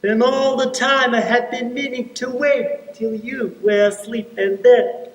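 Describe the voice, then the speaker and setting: A man acting out a gentle, guilty faun in a stage play, with a very high, light voice. He speaks in wistful, pleading tones from far back on the stage. The sound rings through a large, echoey hall. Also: fairly even intonation, measured pace, muffled recording. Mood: anguished. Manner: wistful, then tearful and pleading. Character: remorseful gentle male faun, tearful and guilty.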